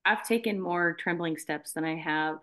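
A woman hosting a faith podcast interview, supportive and quick with short affirmations. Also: lowish voice, a bit bright. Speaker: podcast host.

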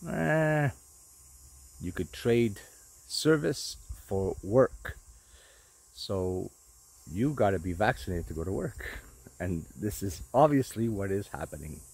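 A man's voice: fairly low pitch, expressive, takes it slowly, gravelly, pauses often, a little mellow, breathy edge, no room sound, distant mic, rough recording. A man walking through his vegetable garden, talking casually to viewers and drifting into preachy warnings, calling them folks. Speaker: vlogger gardener. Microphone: camera on tripod outdoors.

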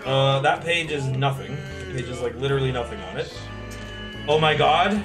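A man's voice: medium pitch, lively intonation, moderate pace, music in the background. A young man on a stream, reading his old school story aloud and laughing at it. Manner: amused, laughing often.

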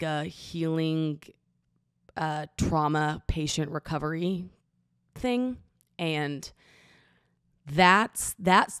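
Young woman from oklahoma, pretty low voice, choked up and halting, dry close sound. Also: dry recording. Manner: halting and vulnerable, frequent restarts and "like" fillers. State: emotional, near tears. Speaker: podcast host. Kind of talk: personal confessional monologue.

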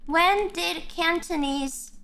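A young woman livestreamer chatting casually while gaming, rambling and repeating herself, blunt but quick to apologize. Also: very high-pitched, creaky, bright, forceful tone. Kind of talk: casual game stream chat.

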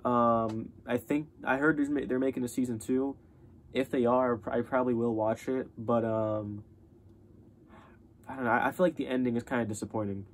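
A man's voice: mid-range voice, fairly even intonation, moderate pace, a little hiss or hum. A young man giving a casual spoken review of a TV show, rambling with many fillers and restarts.

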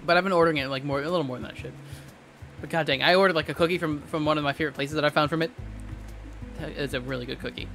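Young male streamer, chatty and rambling, slightly high voice, game music behind. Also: fairly even intonation, rapid-fire, a bit bright. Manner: chatty, rambling, stammering restarts. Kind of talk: casual gameplay commentary.

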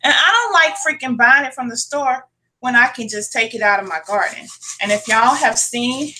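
A woman's voice: a little high, expressive, normal speed, sharp tone, rough recording. Chatty, foul-mouthed woman cooking at home. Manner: chatty, swears freely, addresses viewers as y'all. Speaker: cooking channel host. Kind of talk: casual cooking vlog chat. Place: home kitchen.

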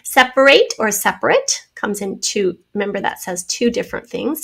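A woman's voice: mid-range voice, big pitch swings, fairly quick, vocal fry, hardly any pauses, fairly bright tone, husky. A woman teaching a spelling lesson to children, explaining each word patiently step by step.

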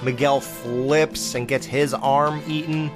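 A man's voice: mid-range voice, steady tone, takes it slowly, music in the background. A man in a casual horror-film review monologue, blunt and profane, exclaiming and mocking the characters. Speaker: podcast host reviewing horror films.

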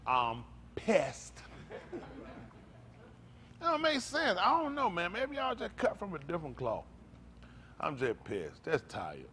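An older man preaching a fiery, profane rant as pastor, swinging from loud outbursts to low tired mutters. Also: slight background noise.

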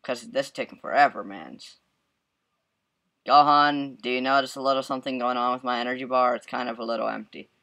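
Excitable male let's-play commentator with a bright, sharp tone; yelps, laughs and hums while he plays. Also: medium pitch, brisk, vocal fry. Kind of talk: casual gameplay commentary.

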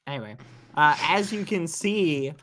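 A man giving a rambling tour during a game role-play. He talks haltingly with many fillers and breaks into high, shocked yelps when flustered. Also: animated, pushed and bright. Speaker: streamer showing his base. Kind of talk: casual role-play chat while gaming.

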